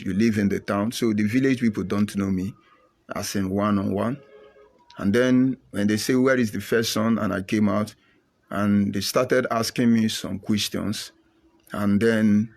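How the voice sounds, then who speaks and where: A middle-aged Nigerian man speaking with an emphatic, preachy drive. He hammers his points home and often repeats them. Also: lowish voice. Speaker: commentator. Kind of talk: impassioned monologue.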